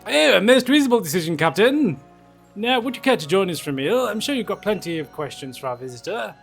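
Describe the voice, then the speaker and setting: A man's voice: high voice, very animated, quick pace, gravelly, faint music behind, pitched above the performer's own voice, exaggerated voice. A man voicing a clumsy, posh British male professor in a game. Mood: cheery.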